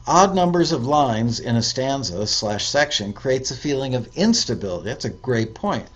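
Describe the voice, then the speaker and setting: A man's voice: medium pitch, very animated, normal speed, dull audio. A man hosting a show, reading out viewer tips in a casual way, with fillers and self-corrections. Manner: reads aloud with hesitant fillers and self-corrections.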